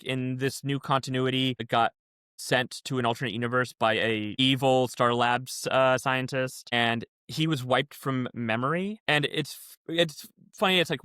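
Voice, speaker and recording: A man's voice: medium pitch, pushed and bright, clean tone, no echo, clean studio sound. A man co-hosting a podcast, explaining things in a rambling, casual way. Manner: rambling, explains comic continuity at length. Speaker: podcast co-host. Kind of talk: casual chat.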